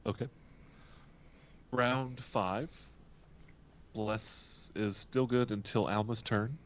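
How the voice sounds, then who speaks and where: A man running a tabletop game as game master, laid-back and animated as he narrates and makes rulings. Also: on the low side, drawn-out words, slight background noise.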